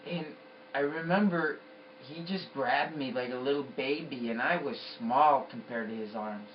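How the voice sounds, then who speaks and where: A man's voice: medium pitch, moderate pace, far from the mic, muffled recording, slight background noise. A man giving an intense, emphatic personal testimony about a vision. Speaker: storyteller.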